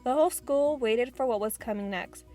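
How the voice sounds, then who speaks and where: A woman narrates a children's novel aloud as an audiobook, reading plainly and sometimes stumbling over a word. Her voice sits fairly high. Faint music plays behind her. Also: normal speed, dark tone. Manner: plain reading with small slips.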